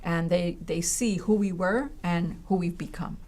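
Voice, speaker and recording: A woman's voice: on the low side, unhurried. A woman college educator telling a story in conversation, acting out voices and often checking in with "right?" and "you know.". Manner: animated, acts out voices in her stories.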